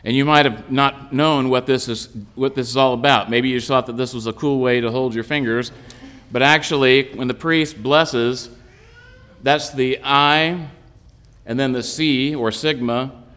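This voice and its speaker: A man's voice: mid-range voice, steady tone, unhurried, fairly bright tone, clear, resonant tone, in a large hall. A man who is an Orthodox priest, giving a patient, explanatory sermon on a psalm with frequent restarts.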